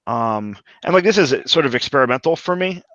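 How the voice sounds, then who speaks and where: A man playing a tabletop role-playing game, talking in halting bursts with many restarts. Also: a little high, expressive, pushed and bright, no room sound, lo-fi sound. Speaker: player.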